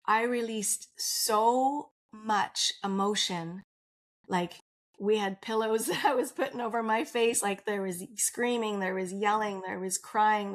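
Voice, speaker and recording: A woman's voice: mid-range voice, a bit bright. A woman guest on a podcast interview, telling her personal story in an open, earnest way and laughing often.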